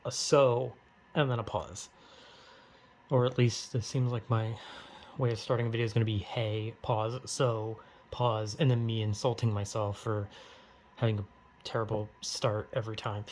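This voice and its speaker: A man's voice: medium pitch, a little mellow, slight background noise. A man talking casually to camera as a video host, rambling and self-deprecating, with frequent swearing and restarts. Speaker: YouTuber. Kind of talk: casual opinion rant.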